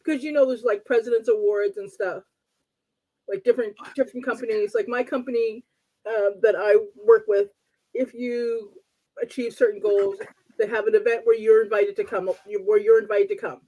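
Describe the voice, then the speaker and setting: A woman's voice: fairly high pitch, steady tone, normal speed, mellow, low-quality recording. Blunt, teasing woman talk show host. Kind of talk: casual live-stream chat.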